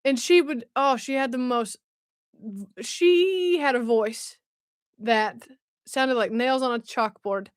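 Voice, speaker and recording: A woman's voice: sits high, takes it slowly, clear, resonant tone, no room sound. Chatty woman, dry close sound. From West Tennessee, US. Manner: chatty, reacting to viewer chat while unboxing. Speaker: livestream host. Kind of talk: casual live-stream chat.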